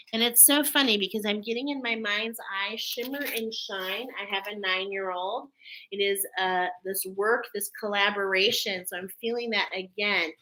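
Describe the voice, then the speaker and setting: A woman's voice: medium pitch, bright, forceful tone, a little hiss or hum, low-quality recording. A woman in her thirties hosting a spiritual oracle reading, speaking in an affirming, casual way and often checking in with "okay?". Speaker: spiritual channel host, oracle reader. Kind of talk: casual spiritual guidance talk.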